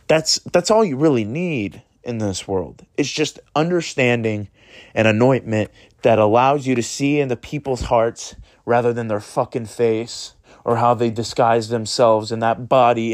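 A man hosting his own podcast, talking in an earnest, rambling way and swearing freely as he urges listeners toward kindness. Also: medium pitch. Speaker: podcast host. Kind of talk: casual motivational monologue.

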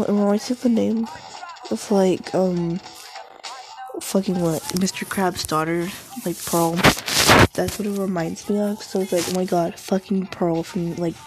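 A woman's voice: on the low side, rough recording. Give me a teenage girl chatting loosely about her day, full of fillers and swear words. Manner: rambling, heavy swearing, many fillers. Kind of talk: rambling casual monologue.

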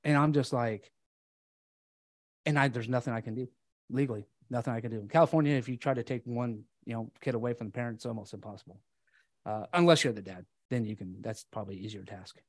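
A man's voice: mid-range voice, no room sound, clean studio sound. Candid man telling a hard story. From United States. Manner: halting, many fillers and restarts, swears. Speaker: podcast guest telling his story.

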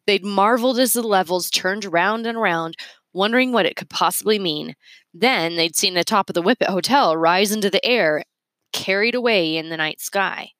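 A woman reading a children's storybook aloud with expressive, animated narration. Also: medium pitch, moderate pace, dry recording.

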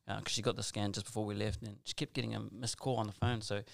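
A man's voice: fairly low pitch, level tone, quick pace, vocal fry, no echo. A man telling a personal story in casual conversation, rambling and earnest with lots of asides and restarts.

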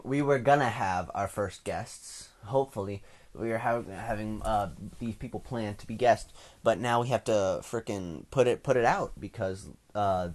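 A teenage man hosting a solo podcast from home, rambling and self-mocking, his voice swinging between loud bursts and mumbles. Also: on the low side. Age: teens. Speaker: podcast host. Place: at home indoors.

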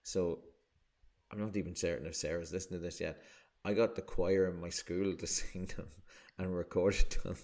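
A man's voice: low-pitched, steady tone, normal speed, darkish tone. A young man co-hosting a book podcast, rambling and self-deprecating, laughing often. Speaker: podcast co-host. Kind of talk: casual chat.

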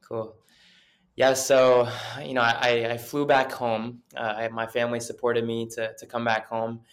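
An earnest young man recounts his story as a podcast guest, speaking in a fairly level, unvaried tone. His talk wanders with frequent fillers and restarts, at an ordinary middle pitch. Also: little pitch movement, moderate pace. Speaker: guest chiropractor and coach. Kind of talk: casual storytelling interview.

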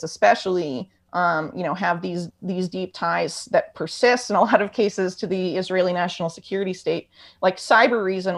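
A woman chatting on a podcast, talking quickly and loosely with lots of fillers, restarts and slang. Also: lowish voice, vocal fry. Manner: rapid, loose talk with many fillers and restarts. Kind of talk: casual conversation.

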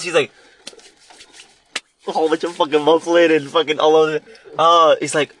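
A man's voice: on the high side, quick pace, fairly bright tone. A young man hosting a podcast from inside a car in the rain, telling a long, rambling, profane story in a casual chat. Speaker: podcast host.

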